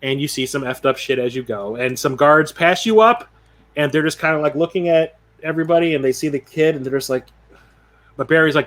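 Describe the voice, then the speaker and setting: Male game master, loose casual narration, slightly high voice. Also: fairly quick, fairly bright tone. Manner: loose, rambling descriptions.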